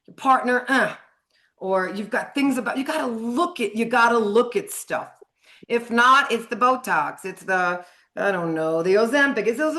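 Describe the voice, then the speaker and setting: A woman's voice: a little high, fairly bright tone. A middle-aged woman coaching on sugar addiction in a live online training, chatty and frank, swearing casually and laughing often.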